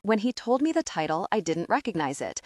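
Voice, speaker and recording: Female audiobook narrator, expressive, wide-ranging delivery, dry booth. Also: medium pitch, fairly quick, dry recording. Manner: expressive, wry. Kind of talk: first-person audiobook narration.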